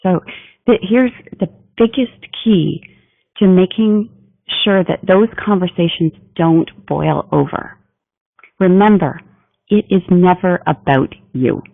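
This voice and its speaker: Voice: mid-range voice, slow pace, vocal fry, dry recording. A communication trainer giving a business training talk in an emphatic, coaching delivery. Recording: tinny phone-like dry recording.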